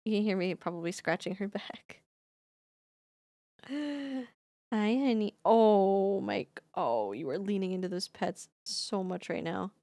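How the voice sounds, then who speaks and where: A woman's voice: mid-range voice, normal speed, gravelly, hardly any pauses, dark tone, dry recording. A woman streamer chatting casually from her home recording setup, talking affectionately to her cat in baby talk and swearing now and then. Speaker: streamer and singer. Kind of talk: casual live-stream chat.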